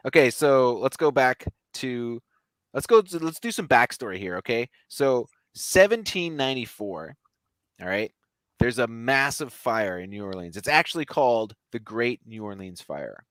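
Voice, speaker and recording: A man's voice: medium pitch, sing-song, moderate pace, fairly bright tone, no room sound. A man hosting a podcast, telling a story in casual chat with joking, sarcastic asides. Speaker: podcast host.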